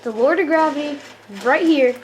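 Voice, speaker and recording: High-voiced woman trash-talking a game. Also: normal speed, rough recording. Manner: playful trash talk at enemies. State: tired. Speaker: gameplay commentator. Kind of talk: gameplay commentary.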